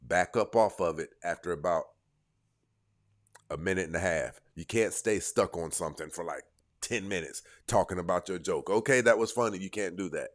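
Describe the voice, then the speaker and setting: Blunt, lecturing male dating coach with a very deep voice. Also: normal speed. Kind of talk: direct-to-camera advice monologue.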